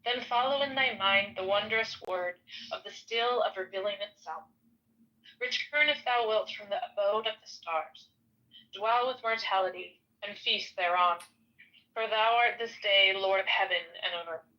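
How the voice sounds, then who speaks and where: Woman reading aloud, solemn, slow, bright-toned, dull lo-fi sound. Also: mid-range voice. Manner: slow solemn recitation with stumbles over names. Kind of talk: reading a ritual text aloud.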